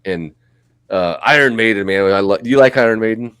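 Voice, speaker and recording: A man's voice: on the low side, brisk, fairly bright tone, clean tone, dry recording, clean studio sound. A middle-aged man co-hosting a podcast, telling loose, profane, rambling stories in casual chat. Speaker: podcast co-host.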